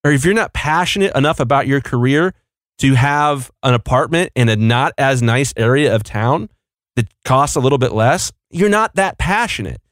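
A man's voice: medium pitch, dry recording, clean studio sound. A married man hosting a podcast, speaking bluntly and with strong opinions. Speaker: podcast host. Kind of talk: casual podcast chat.

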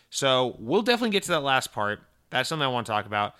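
A man hosting a casual gaming podcast, rambling and venting with lots of swearing and animated mock dialogue. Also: mid-range voice, racing, hardly any pauses. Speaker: podcast host.

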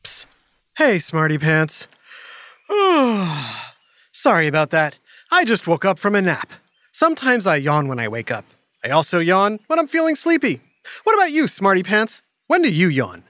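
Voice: medium pitch, fairly quick, no room sound. A host of a children's science show, narrating playfully and quizzing the listener with teasing asides and yawns. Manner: animated, teasing quiz-style delivery with yawns and sighs.

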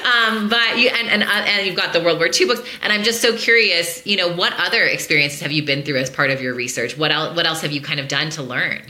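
A woman's voice: fairly low pitch, a little fast, hardly any pauses, sharp tone. A woman hosting a podcast interview, chatty and enthusiastic as she asks about her guest's work. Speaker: podcast host. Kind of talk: casual interview chat. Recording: echoey room.

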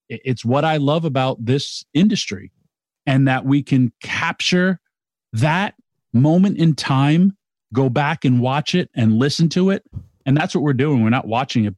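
A man co-hosting a podcast, eager and rambling, tripping over restarts as he tells a story. His voice sits in a middle pitch range. The sound is dry and close. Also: darkish tone, no echo. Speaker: podcast co-host. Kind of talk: casual chat.

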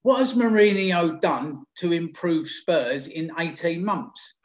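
A man's voice: on the high side, slow. Chatty man in an echoey room. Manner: chatty, loose, lots of fillers. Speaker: podcast host. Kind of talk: casual football podcast chat.

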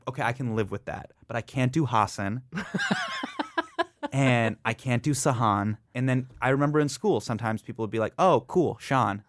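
A man's voice: medium pitch, dry recording. A man from the United States, a comedian guest in a studio interview, telling stories and acting out other people's lines. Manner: animated storyteller who acts out other people's lines. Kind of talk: conversational interview. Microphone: studio microphone.

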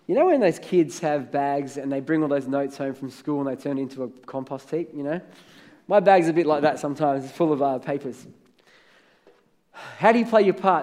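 A man's voice: on the high side, darkish tone. A man preaching a sermon as pastor, conversational, telling stories and building to emphatic peaks.

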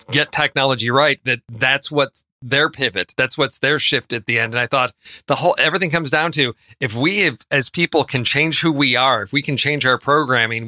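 Casual: podcast guest guy, super bright sharp voice, thoughtful, dry sound. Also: mid-range voice, no room sound. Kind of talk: casual film discussion.

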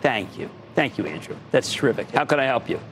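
A man's voice: mid-range voice, expressive, a little fast, fairly bright tone, slight background noise. A middle-aged man hosting a finance TV show, talking in an emphatic, theatrical way with punchy delivery and sudden bursts of emphasis. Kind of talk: animated market commentary.

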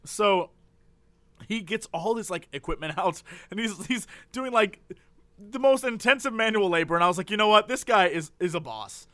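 Male podcast co-host, high and bright, fast comic storyteller, dry close mic. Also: no echo. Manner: animated, laughing, rapid-fire, self-mocking. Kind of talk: casual comedic storytelling.

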